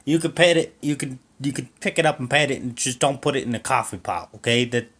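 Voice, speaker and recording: A man's voice: mid-range voice, fast talker, fairly bright tone, husky, voice pushed up. Bumbling redneck husband, brags and mumbles off into a drawl , done by a man telling a story. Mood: insistent. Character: crude dim-witted redneck husband, boastful.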